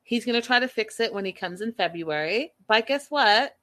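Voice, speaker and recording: A woman's voice: a little high, animated, moderate pace, a bit bright. A woman hosting a reaction show in casual commentary, speaking emphatically and with exasperation, repeating her points.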